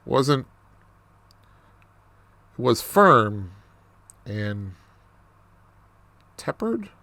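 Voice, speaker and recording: Halting, slow-talking man reading aloud. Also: medium pitch, very animated, pushed and bright, no room sound. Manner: halting, self-deprecating, many restarts. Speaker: reader. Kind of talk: reading a novel aloud with commentary.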